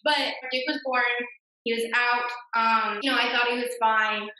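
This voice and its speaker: A young adult woman telling a personal story as a podcast guest, animated and acting out the voices of the people she quotes. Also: a little high, normal speed. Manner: animated, mimics voices when quoting others. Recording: echoey room.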